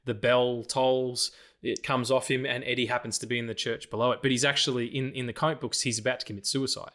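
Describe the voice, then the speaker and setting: A man's voice: medium pitch, level tone, fast, a bit bright. A man co-hosting a casual film podcast, swearing freely, laughing often and acting out quoted movie lines. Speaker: podcast co-host.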